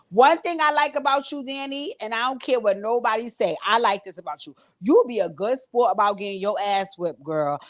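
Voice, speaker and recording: A woman hosting her own channel, recapping a reality show in a blunt, profane, animated style, laughing often and talking straight to her viewers. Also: on the high side. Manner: frequent laughs and direct address to viewers. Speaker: host.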